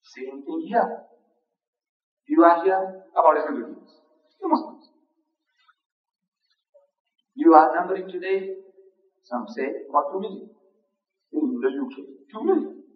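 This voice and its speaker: A man's voice: on the high side, animated, unhurried, long pauses. Emphatic man lecturing in a hall. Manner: emphatic, repetitive, rhetorical. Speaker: Islamic lecturer. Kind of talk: public religious lecture. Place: large lecture hall with audience. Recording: dull, echoey hall recording from far off.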